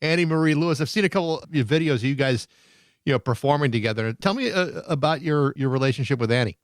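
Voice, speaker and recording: A man's voice: a little high, quick pace, no echo, studio quality. A male host asking the guest eager, winding questions in an interview.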